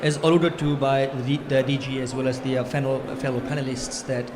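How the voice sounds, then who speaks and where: Quick, eager man on a noisy panel. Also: mid-range voice, flat delivery. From Fiji. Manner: quick, enthusiastic, many fillers. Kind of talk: conference panel talk. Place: conference pavilion.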